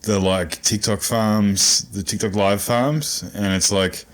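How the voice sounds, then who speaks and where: A man's voice: lowish voice, fairly even intonation, takes it slowly. A man, co-hosting a podcast with dry, wry asides in casual chat. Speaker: podcast co-host.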